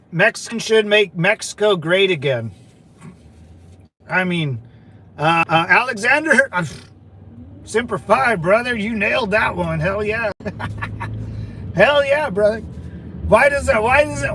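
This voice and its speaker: Host, middle-aged man, fairly high voice, slangy rambling livestream chat, traffic noise behind. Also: a bit bright, low-quality recording. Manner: loose, rambling, slangy, calls viewers brother. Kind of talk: casual livestream chat reading viewer comments.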